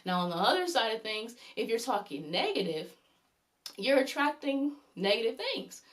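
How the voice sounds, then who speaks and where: Woman faith vlogger with a higher-than-usual voice, earnest, rambling devotional style, circles back to the same points. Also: sing-song, normal speed, fairly bright tone. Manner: repeats "glory be unto the Lord" often; earnest, rambling, repeats herself. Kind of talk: spoken devotional talk.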